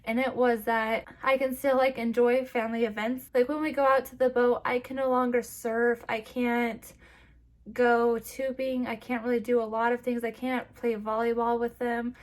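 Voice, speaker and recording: A young woman speaks in a slightly high voice, close to tears and catching her breath between phrases. Her talk is halting and filled with "like" and restarts, in a personal vlog to camera. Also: level tone. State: tearful and short of breath. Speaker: vlogger.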